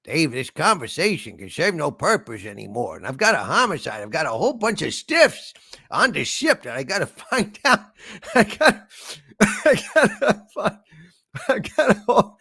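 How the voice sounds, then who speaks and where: A man voicing a male spaceship computer as a meandering, polite detective, gravelly and husky, tacking "sir" onto his lines. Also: fairly high pitch, pushed and bright, dry recording, studio quality, heavily acted. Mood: rambling. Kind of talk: comedy impression sketch.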